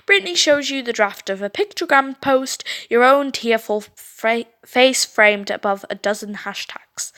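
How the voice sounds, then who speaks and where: Lively woman reading a story game. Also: a little high, moderate pace. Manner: lively, stumbling over words and correcting herself. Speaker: gameplay video host.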